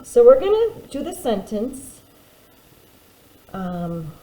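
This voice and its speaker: A woman teacher giving a recorded phonics lesson to young children, sounding out words slowly syllable by syllable. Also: mid-range voice, lively intonation, a little mellow. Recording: echoey room with faint background hiss.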